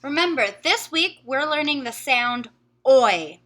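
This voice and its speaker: Woman teacher doing a phonics lesson, high voice, sounds out words slow n careful. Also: expressive, fairly bright tone. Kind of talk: recorded phonics lesson for young students.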